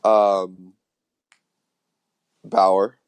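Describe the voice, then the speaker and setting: A man's voice: low voice, level tone, very slow, clear, resonant tone, dry recording. A young man in his twenties hosting a podcast, bantering in an easygoing, laid-back way. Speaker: podcast host. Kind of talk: casual chat.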